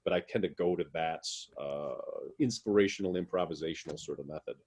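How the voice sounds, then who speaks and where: A man's voice: sits low, a little fast, darkish tone, slightly rough. A man, a guest musician, answering interview questions in a rambling way, with many fillers and restarts.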